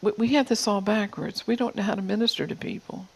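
Husky raspy older preacher, earnest sermon, stumbles and repeats words, goes quiet n whispery sometimes. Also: medium pitch, fairly even intonation, fast, low-quality recording. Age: 50s or older. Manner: earnest preaching that drops to soft whispers for emphasis. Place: church.

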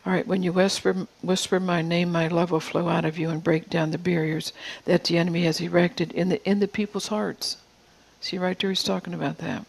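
Gravelly, husky older preacher. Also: medium pitch, little pitch movement, brisk, poor audio. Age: 50s or older. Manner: earnest preaching that drops to soft whispers for emphasis; repeats and restarts words. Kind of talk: sermon. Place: church.

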